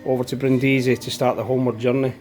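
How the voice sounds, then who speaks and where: A man leading a group trip, talking casually to camera at an outdoor campsite, halting with fillers and restarts. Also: mid-range voice, little pitch movement, a little mellow. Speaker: expedition leader of a veterans' charity trip. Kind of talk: casual vlog narration to camera.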